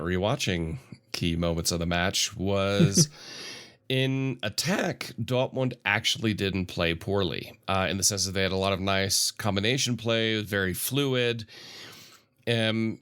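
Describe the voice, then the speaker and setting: A man breaks down a football match on a podcast in a thoughtful, analytical way, pausing on fillers as he goes. His voice is fairly low and smooth. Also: a bit bright. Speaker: podcast co-host. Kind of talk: casual football analysis chat.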